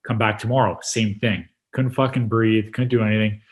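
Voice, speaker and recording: A man's voice: fairly low pitch, moderate pace. Casual man telling hockey stories. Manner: relaxed, laughing, swears casually, lots of "like". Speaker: guest, pro hockey player. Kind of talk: casual storytelling chat.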